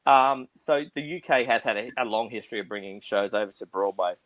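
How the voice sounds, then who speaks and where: Fast-talking Australian man, dry sound. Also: fairly low pitch, a bit bright, no room sound. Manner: fast-talking with frequent restarts. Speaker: theatre producer. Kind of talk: conversational interview.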